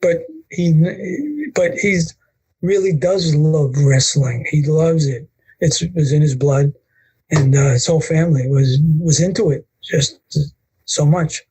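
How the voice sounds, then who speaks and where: An older man, his voice a touch high and husky. He recounts anecdotes in an interview, acting out what others said with lively energy. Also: unhurried, rough recording. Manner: animated storyteller acting out quotes. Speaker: guest, wrestling photographer. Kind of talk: storytelling interview.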